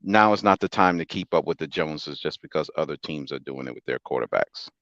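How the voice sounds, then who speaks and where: A man's voice: a bass voice, lively intonation, fairly quick, fairly bright tone, no echo, highs cut off. A man co-hosting a podcast in a casual sports chat. He laughs often and lets his voice drop at the ends of phrases. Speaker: podcast co-host.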